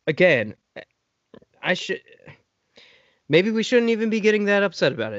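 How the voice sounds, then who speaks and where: A man hosting a podcast in casual chat, animated and swearing as he gets worked up. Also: fairly high pitch, moderate pace, pauses often, no echo. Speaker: podcast host. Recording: dry, dull lo-fi sound.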